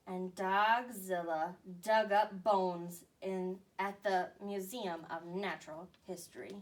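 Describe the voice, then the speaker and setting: A woman teacher reading a picture book aloud to young children with expressive storytelling. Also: medium pitch, takes it slowly, few pauses. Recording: voice a bit far from the mic.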